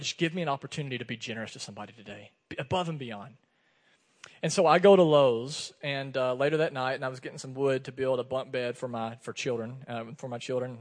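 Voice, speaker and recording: A man, preaching a sermon and telling a personal story, acting out the dialogue. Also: on the high side. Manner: animated storytelling, acts out dialogue. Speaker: pastor. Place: church sanctuary. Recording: long hall reverb.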